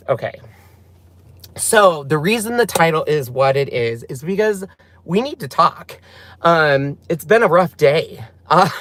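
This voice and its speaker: A man hosting a casual live chat from inside his car, excitable and laughing, admitting he is nervous. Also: sits high, no echo. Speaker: vlogger hosting a live stream.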